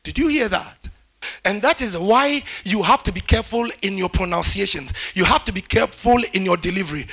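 A man preaching a sermon, emphatic, with declarations that rise loud toward the end. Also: high-pitched, expressive, fairly quick.

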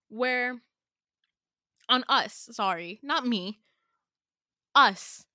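A young woman tells a dream story on her podcast, her voice lively and quick to jump up when she acts out the lines. She swears freely and talks straight into a close mic. The sound is dry, with no room in it. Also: medium pitch, no room sound. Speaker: podcast host. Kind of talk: casual storytelling monologue.

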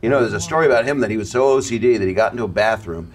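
Man, low voice, rambling storyteller, casual guest chat, faint background noise. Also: very fast. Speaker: comedian guest. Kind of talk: casual anecdote telling.

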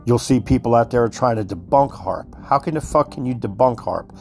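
A man's voice: mid-range voice, moderate pace, a little mellow, faint music behind. A man giving a heated, profane monologue, worked up and repeating himself as he speaks to his listeners. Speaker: commentator. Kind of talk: profane conspiracy rant.

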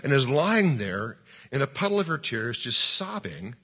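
Pastor, male, bright forceful voice, animated sermon storytelling. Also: mid-range voice, moderate pace, slightly rough. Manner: animated storyteller, acts out dialogue, shouts commands.

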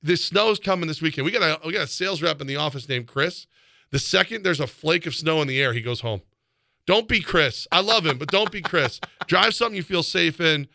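A man co-hosting a sports radio show, telling rambling stories and reading ads with excitable energy. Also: on the high side, fairly quick, vocal fry, no room sound, studio quality. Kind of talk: sports talk and live-read ad.

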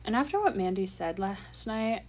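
A young woman in casual chat, telling a story in a rush of excitement. She swears freely and laughs as she talks. Her voice sits in a middle pitch. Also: normal speed.

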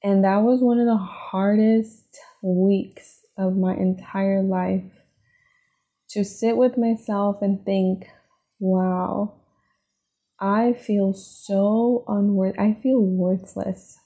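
A podcast host with a warm, mid-range voice speaks slowly and in a steady tone while confessing her personal struggles. She's emotional and near tears, and she reflects aloud using fillers such as "like" and "right?".

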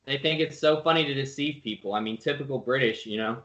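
A man's voice: mid-range voice, fast talker, fairly bright tone. A man co-hosting a podcast in casual, sarcastic banter. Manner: sarcastic, mocking. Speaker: podcast co-host. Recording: roomy, dull lo-fi sound.

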